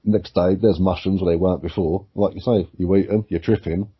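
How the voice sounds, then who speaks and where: A man with a very low, husky voice, talking in a relaxed, rambling podcast chat. He swears constantly and gets animated as his theories build. The sound is dull and lo-fi. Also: fairly quick. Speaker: podcast co-host. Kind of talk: casual chat. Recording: muffled lo-fi sound.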